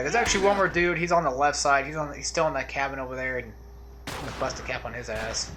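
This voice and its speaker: A man with a mid-range voice talks fast, giving laid-back, rambling commentary over a video game playthrough. He drifts off on tangents and trails off into mumbles, like a typical let's play commentator.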